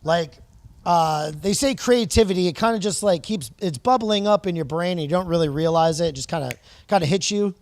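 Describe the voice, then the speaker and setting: Rambling man host, high, dry voice. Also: darkish tone, no echo. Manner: rambling, halting, enthusiastic. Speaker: podcast host. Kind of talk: casual podcast interview.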